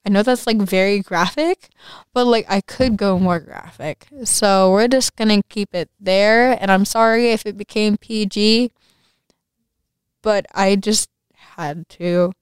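Young woman with a lisp, slow and rambling. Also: medium pitch, clear, resonant tone, no echo. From United States. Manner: rambling, many fillers and restarts. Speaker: podcast host. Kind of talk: casual solo podcast.

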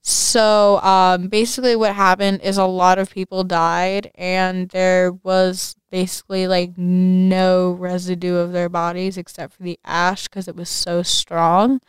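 Brief: teen girl podcaster with a lisp, slow unhurried delivery, very clear voice, dry close sound. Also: lowish voice, flat delivery, no echo. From United States. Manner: rambling, many fillers and restarts. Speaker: podcast host. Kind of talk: casual solo podcast.

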